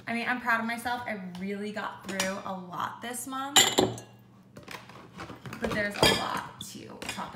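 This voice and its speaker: A young woman chatting casually through a product review, with lots of "like" and an animated way of telling stories. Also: mid-range voice, heavy background noise. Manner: chatty, heavy use of "like", animated when ranting. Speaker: beauty vlogger. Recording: echoey room.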